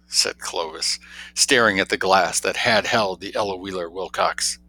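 A man narrating an audiobook in a measured, crisp reading. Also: low voice, pushed and bright, rough recording. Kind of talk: scripted narration.

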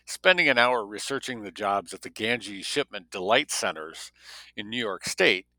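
A man's voice: lowish voice, lively intonation, normal speed, pushed and bright, dry recording, poor audio. A man reading a novel aloud who breaks off now and then for wry spoken comments. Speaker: story reader.

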